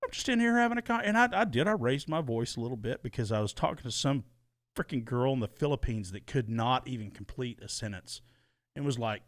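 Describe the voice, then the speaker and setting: Brief: male podcast co-host, lively swooping delivery, stumbling restarts, dry close sound. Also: mid-range voice, brisk, dry recording. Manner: rambling, animated, repeats and restarts words. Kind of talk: casual podcast chat. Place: small soundproofed home studio.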